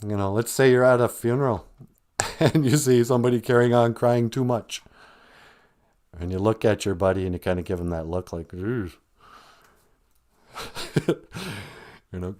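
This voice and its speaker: A man's voice: medium pitch, darkish tone. A man hosting a livestream, giving humorous casual advice and laughing between lines. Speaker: livestream host and language teacher.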